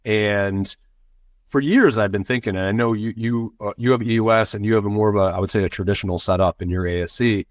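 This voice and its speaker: A man who is a physician guest on a podcast, explaining things in a measured, conversational way. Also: fairly low pitch, steady tone, no room sound, studio quality. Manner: measured, explanatory, with many fillers. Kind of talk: conversational interview answers.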